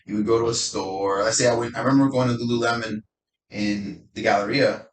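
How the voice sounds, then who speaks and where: A man with a low voice talks as a guest, telling stories in a loose way and swearing now and then. His voice rings in an echoey room with faint noise behind it. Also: fairly even intonation, brisk. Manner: storytelling, loose and profane. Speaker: fitness coach guest. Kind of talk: casual conversation.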